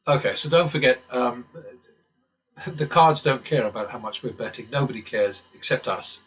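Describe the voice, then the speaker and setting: A man's voice: mid-range voice, moderate pace, fairly bright tone, poor audio. A man casually talking through simulated blackjack hands, muttering calculations with wry asides and the odd swear word. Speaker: blackjack strategy channel host. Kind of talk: casual commentary while playing simulated blackjack.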